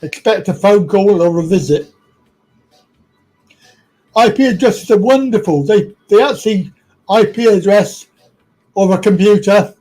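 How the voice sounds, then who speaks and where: A man's voice: high-pitched, darkish tone, poor audio. A British man hosting a live stream, talking casually and bluntly with lots of swearing.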